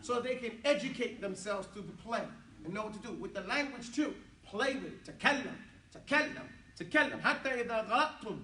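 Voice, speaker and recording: Rich: A playful man leads an Arabic class, cracking jokes as he drills phrases with the students. His voice sits high, and the room answers with a roomy echo. He is heard from some distance. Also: fast talker, pushed and bright. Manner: playful, joking, switching between English and Arabic. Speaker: Arabic teacher. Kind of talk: lively classroom teaching.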